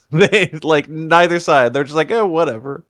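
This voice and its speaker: A man co-hosting a podcast, chatting casually about a movie with animated, sarcastic jokes. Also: on the high side, measured pace, dry recording, clean studio sound. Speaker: podcast co-host. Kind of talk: casual chat.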